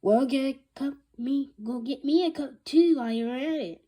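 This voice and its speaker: Woman playing a sassy secretary from a kids' book, talks back loud. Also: high-pitched, moderate pace, voice pushed up, natural voice. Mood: snappy. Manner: snapping back. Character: snappy female school secretary.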